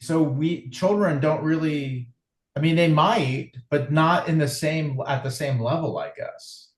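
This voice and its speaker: A man's voice: fairly high pitch, a little slow, reverberant. A man from California with a Californian accent, chatting casually as a podcast guest, laid back and rambling with repeated words. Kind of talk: casual chat.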